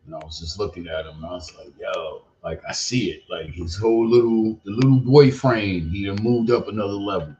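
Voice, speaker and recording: A man's voice: lowish voice, brisk, few pauses, warm tone. Rambling older man hosting a lo-fi stream. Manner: loose, rambling, slangy and profane, with frequent "you know what I mean". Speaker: podcast host. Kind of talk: casual livestream chat.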